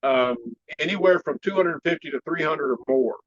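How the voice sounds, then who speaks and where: Man, storytelling interview guest, lively and laughing, fairly high voice, dry muffled recording. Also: moderate pace, no room sound. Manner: animated storyteller, laughs often, clears throat. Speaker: martial arts teacher, interview guest.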